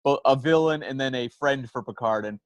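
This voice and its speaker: A man's voice: medium pitch, brisk, dry recording. Man, podcast guest, agreeable, explains things, casual chat, dry sound.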